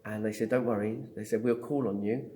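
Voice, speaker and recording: A man's voice: lowish voice, fairly quick. A middle-aged man, a psychic medium, telling his story in an interview, acting out the dialogue with lots of ums. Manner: animated storyteller, acts out dialogue with hesitant ums.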